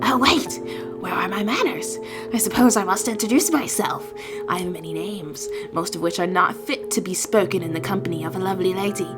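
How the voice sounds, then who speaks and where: A woman's voice: mid-range voice, a little fast, natural voice. A woman voicing a flamboyant immortal male jester in a game, with a British accent and a theatrical, mock-courtly manner, over game music. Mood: flirtatious. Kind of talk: voicing a visual novel character.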